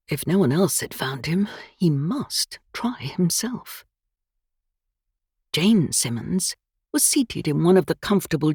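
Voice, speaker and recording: A woman reads a cosy mystery audiobook in an expressive, measured way. Her voice sits on the low side with a husky texture, and her intonation moves a lot. The sound is close and dry. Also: dry recording. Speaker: audiobook narrator. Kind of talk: scripted narration.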